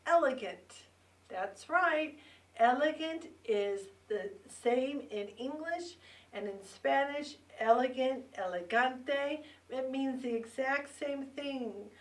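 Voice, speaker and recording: A woman in her fifties, a bilingual teacher leading a lesson for young children, drawing out words slowly and prompting them to repeat after her. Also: high voice. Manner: slow, drawn-out words with call-and-response prompts. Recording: roomy echo, mic set far off.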